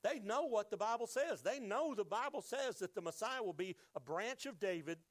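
A man's voice: sits high, expressive, moderate pace, no room sound. A man preaching a sermon, reading scripture and acting out crowd voices with emphatic delivery. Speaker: pastor.

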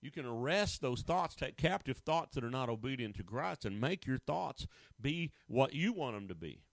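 A man's voice: medium pitch, big pitch swings, normal speed, vocal fry, dry recording. A middle-aged man preaching a sermon in a folksy, emphatic way, full of rhetorical questions. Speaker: pastor.

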